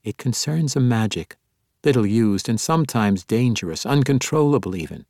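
A man voicing a proud elf priestess woman in an audiobook, speaking in a measured, solemn and formal way. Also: medium pitch, expressive, darkish tone, no echo, studio quality, voice pushed up, natural voice.

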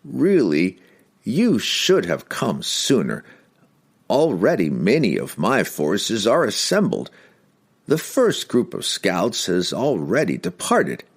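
A man's voice: on the low side, wildly swooping pitch, breathy edge, voice pushed up, exaggerated voice. A man doing a crooning, sinister wizard. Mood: silky menace. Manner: slow, crooning, with an evil snicker. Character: scheming pampered male wizard, calm and menacing.

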